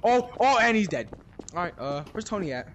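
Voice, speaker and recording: A man doing excited gameplay commentary, yelling panicked repeats and then dropping to hushed whispers, straining his voice. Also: high-pitched, a little fast, a little hiss or hum. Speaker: gaming YouTuber.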